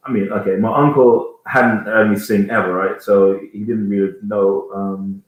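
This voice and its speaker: Guest singer, man in his thirties from Jamaica, rambling chat, deep voice with heavy room echo. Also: little pitch movement, moderate pace, phone-quality sound. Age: 30s. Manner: rambling, searching for words, many restarts. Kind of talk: casual interview chat. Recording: very echoey room.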